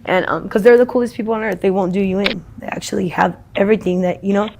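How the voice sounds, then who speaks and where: A woman's voice: medium pitch, fast talker, a little mellow. Woman interviewee, rambling blunt talker who swears a lot, noisy street recording behind her.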